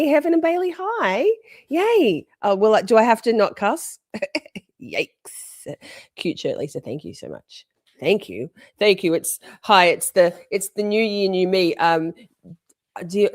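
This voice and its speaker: A woman's voice: on the low side, a little mellow, dry recording, clean studio sound. A woman live streaming, rambling in casual chat, swearing freely and greeting viewers in the chat.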